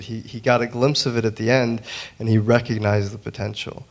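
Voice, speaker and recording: Earnest halting man telling a story. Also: on the low side, little pitch movement, gravelly. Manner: halting, many restarts and fillers, earnest. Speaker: digital printmaker, panelist. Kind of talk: panel discussion storytelling. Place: museum auditorium.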